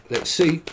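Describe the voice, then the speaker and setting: A man giving a casual tarot reading, rambling and swearing, laughing often and mimicking imagined people. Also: noisy background. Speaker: tarot reader.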